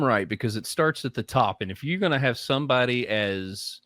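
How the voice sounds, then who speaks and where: Male co-host, sarcastic comeback guy, lively pitch. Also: no echo. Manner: sarcastic, quick retorts. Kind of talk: casual podcast chat.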